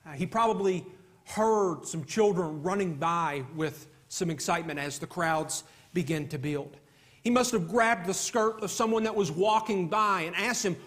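High-voiced man preaching a sermon. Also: normal speed, a bit bright. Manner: earnest, emphatic preaching with repetitions.

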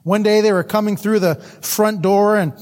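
A male preacher telling an animated story in a sermon, often laughing as he speaks. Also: sits high, normal speed.

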